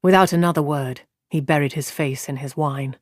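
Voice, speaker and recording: A man narrating a fantasy audiobook in an even, measured way. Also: on the high side, no echo, studio quality.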